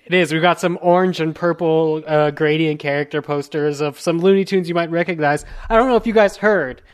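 Brief: American man, podcast host, casual, halting delivery full of fillers, heard over a video call. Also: a little high, clear, resonant tone. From United States. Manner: halting, many fillers and restarts. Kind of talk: casual panel chat.

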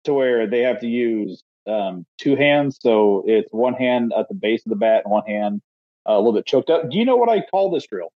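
A man's voice: medium pitch, lively intonation, normal speed, dry recording, lo-fi sound. Joking man coaching-story podcast chat. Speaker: podcast co-host, baseball coach. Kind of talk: casual chat.

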